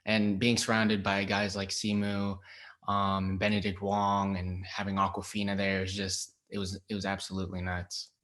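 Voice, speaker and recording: Laid-back young actor, lowish voice. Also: male voice, normal speed. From Los Angeles. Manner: relaxed, hesitant, many ums and likes. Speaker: actor guest. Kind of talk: casual interview.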